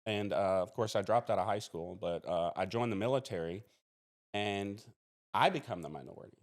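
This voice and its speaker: A man's voice: lowish voice, moderate pace. A man in his forties from Mississippi, a podcast guest who speaks earnestly and plainly, often restarting his sentences. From Mississippi, USA. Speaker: podcast guest, criminology professor and police officer. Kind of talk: interview storytelling.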